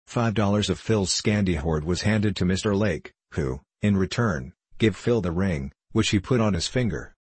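A man reading a novel aloud as an audiobook narrator in a measured, even way. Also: sits low, breathy edge, dry recording. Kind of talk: scripted narration.

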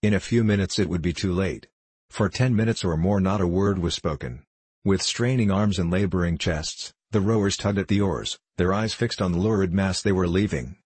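A man reads a novel aloud in a steady, measured way. His voice is very low and husky, recorded dry and close with no room sound. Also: no echo. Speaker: narrator. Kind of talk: audiobook narration.

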